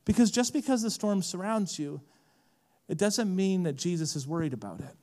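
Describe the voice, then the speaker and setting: A man preaching a sermon in a casual, animated way, often saying "like", at a conference. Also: high voice, moderate pace, big-room sound. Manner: lively, casual, frequent "like" fillers. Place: large conference hall.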